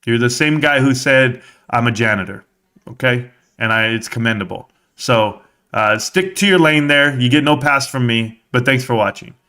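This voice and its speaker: A young man hosts his live stream in a loose, rambling rant, swearing as he goes. His voice is bright and forceful at a middle pitch. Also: moderate pace.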